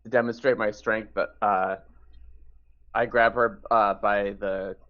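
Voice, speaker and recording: A man's voice: on the low side, little pitch movement, takes it slowly, fairly bright tone. Playful man player, muffled sound. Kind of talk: tabletop role-play. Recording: muffled lo-fi audio.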